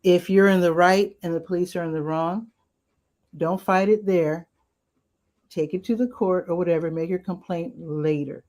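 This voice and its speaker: Lower-voiced lady running through weekend events, chatty, voice cracking a bit. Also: fairly even intonation, moderate pace, darkish tone. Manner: chatty and upbeat, with asides and self-corrections. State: voice cracking now and then. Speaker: community events host. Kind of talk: casual weekend events rundown.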